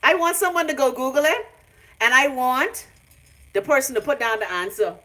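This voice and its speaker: A woman's voice: sits high, normal speed, bright, forceful tone. A Bahamian woman ranting on a phone live stream from her home, brash, profane and mocking. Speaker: vlogger.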